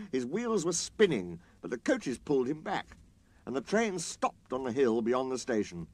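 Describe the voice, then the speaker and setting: A man narrates a children's story in a middle-pitched voice with a lively, rising and falling lilt. His delivery is expressive and storybook-like, carrying the listener from scene to scene. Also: moderate pace, no room sound.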